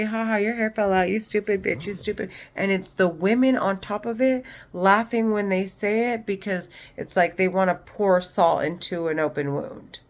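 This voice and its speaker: A woman and mother talking to camera in an agitated, rambling personal monologue, swearing heavily and restarting often. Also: lowish voice. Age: adult, mother of children. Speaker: vlogger.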